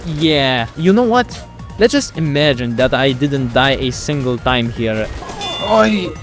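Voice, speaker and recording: This young man, a creator of gaming videos, narrates a video game with sarcastic, foul-mouthed, mock-dramatic humor while game music plays. His medium-pitched voice is very animated, yet he keeps a measured pace.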